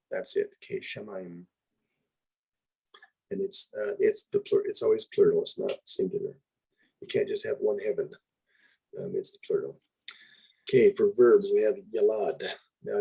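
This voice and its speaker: A man's voice: on the low side, vocal fry, warm tone, breathy edge, low-quality recording. A man teaching a casual Hebrew lesson, explaining words step by step, repeating them and correcting himself as he goes. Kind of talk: informal grammar and vocabulary lesson.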